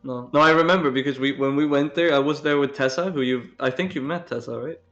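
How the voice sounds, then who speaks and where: A man's voice: medium pitch, quick pace, fairly bright tone, muffled recording. A man from Sweden, chatting casually on a stream, joking and swearing freely. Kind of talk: casual chat.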